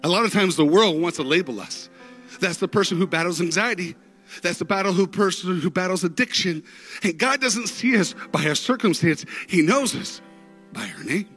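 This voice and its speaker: A man preaching a sermon through stories, dramatic, with big swings in pitch and loudness. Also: lively intonation, normal speed, slightly rough, soft background music. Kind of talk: sermon storytelling.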